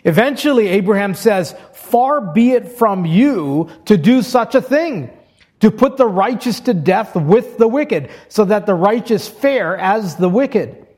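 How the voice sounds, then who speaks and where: A man's voice: high-pitched, expressive, a little slow, darkish tone. A man preaching an expository sermon, reading scripture aloud and explaining it step by step in an earnest way.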